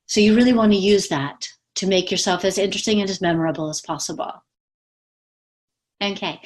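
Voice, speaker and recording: A woman speaking coach giving casual, lively advice from home over a video call, laughing easily. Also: medium pitch. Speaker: communication coach. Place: home with pets.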